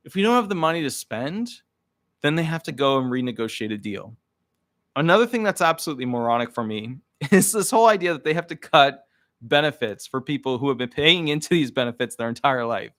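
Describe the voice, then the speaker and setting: A man's voice: medium pitch, fairly quick, no room sound, clean studio sound. A man who works as a disability lawyer, giving casual, indignant commentary to the camera. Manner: indignant, animated.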